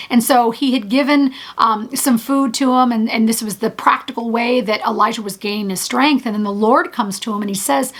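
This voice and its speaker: A woman's voice: fairly high pitch, steady tone, a little fast, hardly any pauses, a bit bright. A woman and ministry leader giving an earnest, encouraging devotional talk, often restarting her phrases.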